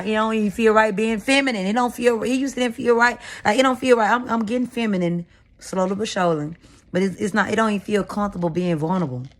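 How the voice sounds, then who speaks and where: A woman vlogger talking candidly to camera, rambling and confessional as she vents. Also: medium pitch. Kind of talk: venting to camera. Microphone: camera mic.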